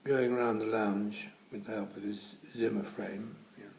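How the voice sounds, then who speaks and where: A man's voice: on the low side, level tone, normal speed, darkish tone, roomy sound, low-quality recording. A man telling comic anecdotes in a dry style, often dropping to a near-whisper. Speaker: comedian. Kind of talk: comic storytelling.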